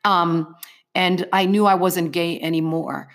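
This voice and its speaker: A woman's voice: on the low side, fairly even intonation, a little slow. A middle-aged woman giving an earnest personal faith testimony as an interview guest, telling her story vividly in the present tense.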